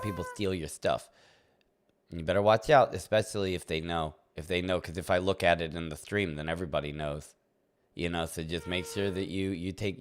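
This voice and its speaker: A streamer with a low-sitting voice chats casually with his viewers while playing a game. He's playful and rambling, chuckling often as he talks to his chat.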